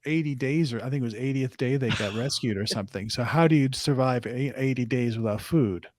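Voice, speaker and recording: A man's voice: medium pitch, brisk, no echo, clean studio sound. A man in casual podcast chat about anime, mostly chiming in briefly. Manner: brief agreeing interjections. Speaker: anime reviewer.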